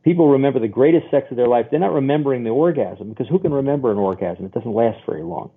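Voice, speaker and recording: Man as therapist guest, easygoing and explanatory; husky, heard over a phone line. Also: mid-range voice, expressive, quick pace. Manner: chatty, explains with homely examples and quoted voices. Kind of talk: podcast interview answers.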